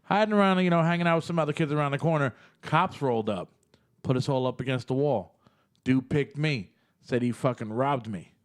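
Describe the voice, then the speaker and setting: Profane, animated male podcast host. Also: mid-range voice, a little fast. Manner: profane, animated street storytelling. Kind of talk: casual podcast chat.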